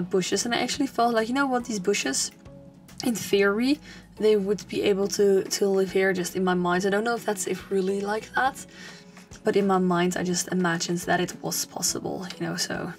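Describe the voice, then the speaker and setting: A young woman rambling through a casual voice-over of a game build, with lots of fillers and a slightly strained, fading voice. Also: medium pitch. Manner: rambling, chatty, with many fillers and restarts. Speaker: gaming channel host.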